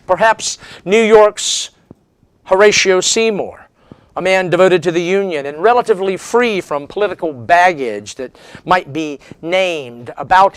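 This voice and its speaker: A man's voice: on the high side, clear, resonant tone, no echo. A man giving a history lecture as a seminar speaker, telling it as a dramatic story with strong emphasis.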